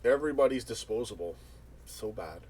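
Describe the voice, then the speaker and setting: A man hosts a casual live chat, reading out comments and rambling through jokes and banter. His voice is husky, and his pitch swings widely from line to line. He often restarts his sentences mid-thought. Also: animated, fairly quick, darkish tone. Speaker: livestream host.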